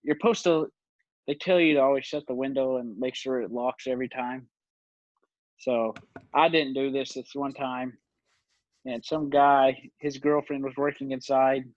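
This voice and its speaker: A man's voice: mid-range voice, steady tone, normal speed, no echo. Rambling young man telling stories. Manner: rambling, laughs often, lots of fillers. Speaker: podcast guest. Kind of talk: casual storytelling chat. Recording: dull, dry lo-fi recording.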